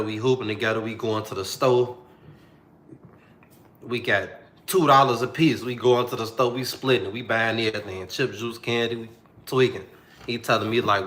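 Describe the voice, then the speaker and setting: A man's voice: on the low side, fairly bright tone, echoey room. A young man telling a personal story to the camera in a slangy, repetitive, heartfelt way.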